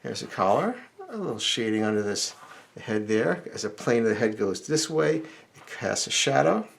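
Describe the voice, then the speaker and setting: Middle-aged man, drawing tutorial, gravelly tone, animated pitch, relaxed explaining while sketching, pencil scratching behind. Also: moderate pace. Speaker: drawing instructor.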